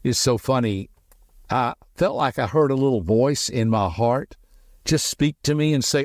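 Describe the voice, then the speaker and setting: A middle-aged man hosting a motivational podcast, talking quickly and emphatically in a folksy way, with personal stories. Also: medium pitch, no echo, clean studio sound. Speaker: podcast host and personality teacher.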